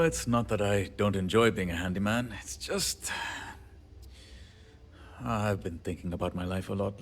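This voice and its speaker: A man's voice: on the low side, slight background noise. An actor voicing a middle-aged male handyman in video game dialogue, wry and rambling, laughing at himself. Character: weary, punning, self-deprecating male station handyman.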